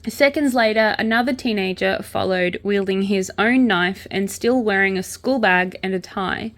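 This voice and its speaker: A woman's voice: medium pitch, normal speed, a bit bright. A young Australian woman hosting a casual chat, reading news aloud and reacting with open sorrow. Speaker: podcast host. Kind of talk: casual true-crime commentary while crocheting.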